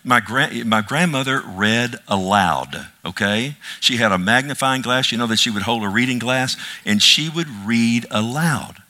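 Middle-aged man, pastor, bright and forceful sermon delivery, repeats for emphasis, jokey asides. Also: mid-range voice, a little slow, hardly any pauses. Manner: animated, repetitive emphasis with asides and self-deprecating humor.

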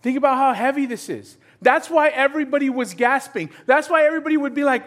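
A middle-aged male pastor giving a sermon, animated and acting out little dialogues in different voices. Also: very high voice, fast, hardly any pauses.

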